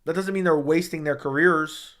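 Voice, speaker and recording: A man's voice: on the high side, moderate pace, fairly bright tone. A man hosting a casual sports livestream from home, bluntly answering viewer questions into a studio mic. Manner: blunt, profane, dismissive of dumb questions. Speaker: MMA livestream host. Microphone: studio dynamic microphone.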